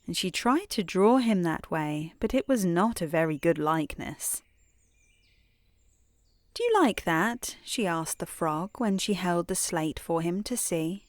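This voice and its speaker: Slow, soothing woman reading a bedtime story. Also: fairly low pitch, darkish tone, no room sound, clean studio sound. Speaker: host and storyteller.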